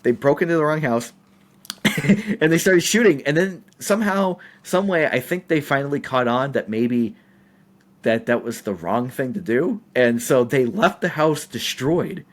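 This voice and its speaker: American guy on a podcast, super lively up-and-down voice, keeps laughing. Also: mid-range voice, moderate pace. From United States. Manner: animated, laughs often, acts out quotes. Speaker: podcast guest. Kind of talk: casual storytelling chat.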